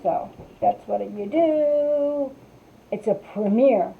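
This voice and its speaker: Slow and creaky, this woman's fairly high voice comes through a tinny, phone-like recording with a little hiss or hum. She hosts a live craft stream, rambling casually and calling out commenters by name as she works.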